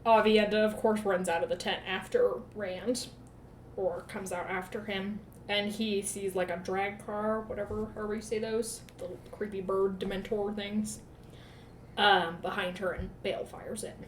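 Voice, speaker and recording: A sarcastic woman co-host recaps a book in casual, profane chat and keeps breaking into quick put-on voices. The sound is roomy and echoey, with a faint hiss of noise behind her. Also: medium pitch, steady tone. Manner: sarcastic, profane, acts out characters in quick asides.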